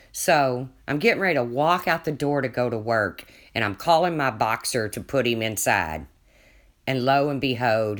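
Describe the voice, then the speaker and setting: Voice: medium pitch, fairly bright tone. Rambling chatty livestreamer telling stories. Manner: chatty, rambling, restarts often, laughs at own stories. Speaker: livestreamer answering chat. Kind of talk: casual rambling storytelling.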